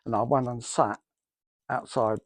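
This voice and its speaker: A man's voice: medium pitch, steady tone, measured pace, no room sound. A middle-aged man telling his church testimony in a rambling way, acting out the dialogue he recalls. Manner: rambling storyteller, acts out quoted dialogue. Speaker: church member giving testimony. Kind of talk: spoken personal testimony.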